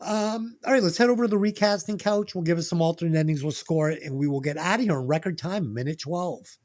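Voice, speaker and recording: A podcast host ranting through a comedic movie review, swearing a lot, going from loud to low. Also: fast talker. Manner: animated, swings between loud and low.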